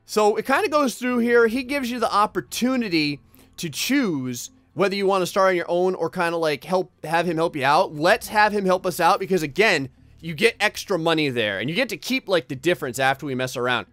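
High-voiced jokey gameplay commentator man. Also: animated, brisk, a bit bright, dry recording, faint music behind. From New Jersey, United States. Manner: jokey, rambling, talks straight to viewers. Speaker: gaming YouTuber.

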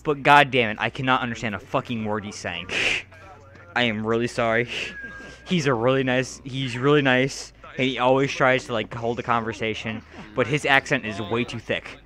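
A man's voice: medium pitch, fairly even intonation, normal speed, bright, forceful tone. A man streaming a social game, rambling apologetically and swearing often. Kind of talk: casual chat while playing.

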